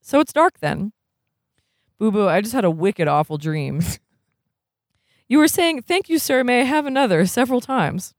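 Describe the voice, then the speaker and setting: A reader putting on a gentle wondering teenage boy. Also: mid-range voice, very animated, normal speed, pauses often, no echo, clean studio sound, pitched above the performer's own voice. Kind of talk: reading a novel's dialogue aloud.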